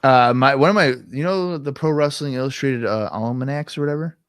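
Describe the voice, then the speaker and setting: A young man co-hosting a podcast rambles through stories in a casual storytelling chat, swearing and acting out quotes from his past. His medium-pitched voice is clear and resonant, and he speaks briskly. The sound is clean studio audio with no room sound.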